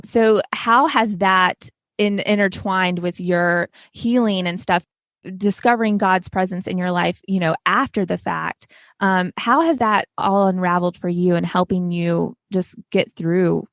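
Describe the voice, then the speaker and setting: A woman's voice: fairly low pitch, unhurried, no room sound, studio quality. A young woman hosting a podcast, talking casually and earnestly about faith, with lots of "like" fillers. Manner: chatty, many "like" fillers, earnest. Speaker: podcast host.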